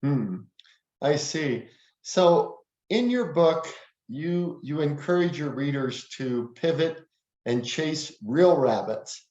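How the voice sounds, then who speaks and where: A man's voice: fairly high pitch, animated, slow, a little mellow. A man interviewing a guest, asking questions hesitantly and repeating words as he starts. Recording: roomy, dull lo-fi sound.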